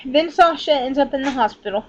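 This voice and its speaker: A woman's voice: high-pitched, a little fast, slight background noise. Rambling, cursing woman on a dull laptop mic. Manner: candid, rambling, frequent swearing. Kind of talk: casual webcam vlog. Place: indoors at home, leaning back from laptop. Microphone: laptop built-in mic.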